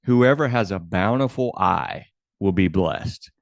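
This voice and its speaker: A man's voice: sits low, unhurried, gravelly, no echo. A man co-hosting a podcast, talking thoughtfully and searching for his words. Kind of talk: casual podcast conversation.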